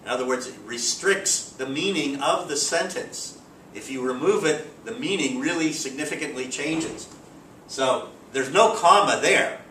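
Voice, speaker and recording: A man's voice: medium pitch, measured pace. Male teacher in a roomy echo. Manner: relaxed, explanatory, frequent uh and um fillers. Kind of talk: classroom grammar lesson. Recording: roomy, distant mic, faint background hiss.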